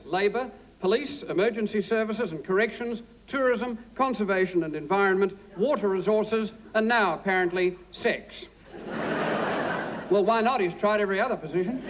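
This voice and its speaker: High-voiced male moderator with dry wit. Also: slight background noise, low-quality recording. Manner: dry, wordplay-laden. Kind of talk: witty speaker introductions. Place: theatre stage.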